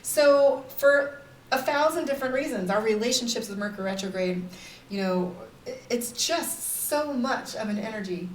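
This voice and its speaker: A woman's voice: fairly high pitch, moderate pace, a little hiss or hum. Candid woman live-streaming in an echoey room. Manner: candid, rambling, frequent "like" and "right?". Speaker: psychic and life coach hosting a live stream. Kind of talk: casual live-stream talk to viewers. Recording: roomy echo, somewhat far from the mic.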